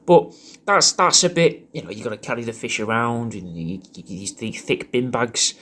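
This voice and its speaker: A man's voice: medium pitch, normal speed, a bit bright. A man talking in a crude, rambling way, recording a personal video message full of swearing and restarts. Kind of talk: casual rambling monologue.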